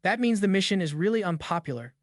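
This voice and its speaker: A man's voice: sits high, animated, fast talker, dry recording, studio quality, pitched above the performer's own voice. El Cid, a man voicing a bossy sacred sword. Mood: stern. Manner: blunt, matter-of-fact commands. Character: sacred talking male sword, bossy mentor.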